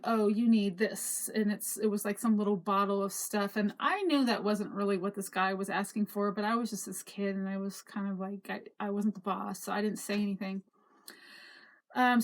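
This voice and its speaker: A middle-aged woman casually recounting her own life story, rambling with fillers and restarts. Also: fairly high pitch. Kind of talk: casual spoken memoir.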